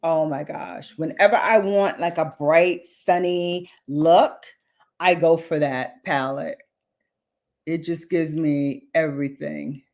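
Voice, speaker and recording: A woman with a lowish voice chats her way through a makeup tutorial, unhurried and playful. She drops slangy asides to her viewers as she works. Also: steady tone, a little mellow, muffled recording. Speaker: beauty vlogger. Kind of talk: casual makeup demo chat.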